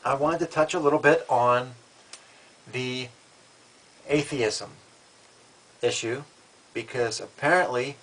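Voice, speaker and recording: A man's voice: medium pitch, slow pace, long pauses, fairly bright tone, rough recording. A man talking to camera in a casual vlog, matter-of-fact and defiant, often restarting and repeating words. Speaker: vlogger.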